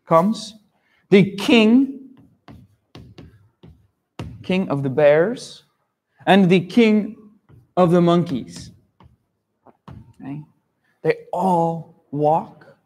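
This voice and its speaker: A man's voice: fairly high pitch, darkish tone. A man telling a simple story to young learners, repeating words, spelling them out and checking understanding with "okay?".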